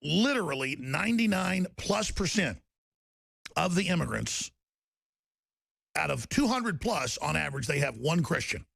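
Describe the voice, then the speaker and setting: Man, angry ranting talk show host, super gravelly, kinda high-pitched. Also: very animated, unhurried, pauses often, fairly bright tone, no room sound, clean studio sound. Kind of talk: political talk show rant.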